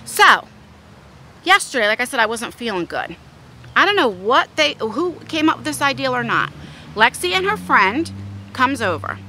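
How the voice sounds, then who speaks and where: Animated, high-voiced woman telling a story. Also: moderate pace, slight background noise. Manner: animated, blunt storytelling with swearing. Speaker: vlogger. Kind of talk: casual storytime vlog.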